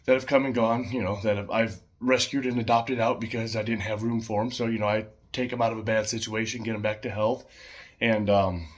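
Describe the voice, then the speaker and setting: A man casually showing his pet birds at home, chatting in a rambling way with fillers and soft laughs. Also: on the low side, steady tone, a little fast.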